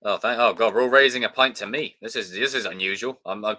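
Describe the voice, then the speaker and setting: A man chatting casually on a live stream, excitable and swearing freely as he talks to his chat. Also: on the low side, a little fast.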